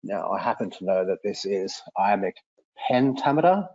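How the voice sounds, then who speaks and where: A man teaching, demonstrating software for a lesson in an explanatory, enthusiastic way. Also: moderate pace, highs cut off. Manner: explanatory, enthusiastic, with lively pitch swings.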